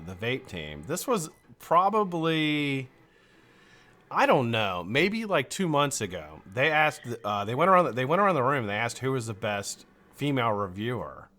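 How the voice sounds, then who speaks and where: A man hosting a casual live stream chat, animated and agreeable, swearing now and then. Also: mid-range voice, normal speed.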